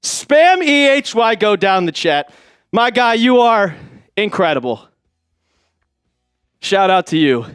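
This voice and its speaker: A man hosting a live sports stream, excitedly reading out donations and shouting, out of breath at times. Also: high-pitched, takes it slowly, long pauses, clear, resonant tone, no echo, clean studio sound. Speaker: livestream host.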